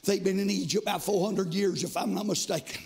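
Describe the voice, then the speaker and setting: A man preaching a fiery sermon in a church, shouting in a sing-song cadence with frequent amens. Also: sits high, steady tone, brisk, creaky, faint music behind. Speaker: pastor. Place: church sanctuary.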